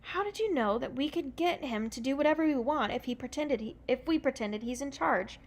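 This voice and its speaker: A woman's voice: high-pitched, expressive, brisk, pitched above the performer's own voice. A woman reading aloud and voicing a bold older girl who speaks firmly and directly.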